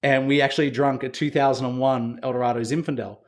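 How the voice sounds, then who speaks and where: A man's voice: mid-range voice, fairly even intonation, quick pace, darkish tone. A man telling winery anecdotes. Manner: anecdotal, acts out quoted dialogue with filler words. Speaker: winery executive, interview guest. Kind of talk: casual storytelling interview.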